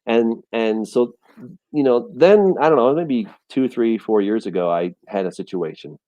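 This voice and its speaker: A man in a casual Bible discussion, animated and storytelling, often repeating words as he restarts. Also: mid-range voice, moderate pace, dry recording, dull audio. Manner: animated storytelling, acts out voices and quotes. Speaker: teacher of a Bible study show.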